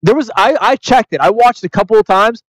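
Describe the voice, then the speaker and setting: A young man co-hosting a podcast, excited and emphatic, swearing freely in casual chat. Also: sits high, quick pace, dry recording, poor audio. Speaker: podcast co-host.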